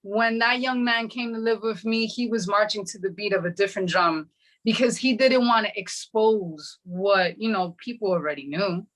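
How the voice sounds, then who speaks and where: A middle-aged woman sharing her personal testimony in an interview, telling her story with animated energy and acting out what people said. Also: medium pitch, moderate pace. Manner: animated, acts out quoted dialogue.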